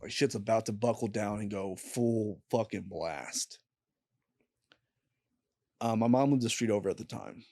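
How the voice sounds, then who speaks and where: A young man, a podcast guest, telling a painful personal story in a candid, halting way and swearing freely. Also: fairly low pitch, dark tone, no echo, studio quality. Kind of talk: casual storytelling.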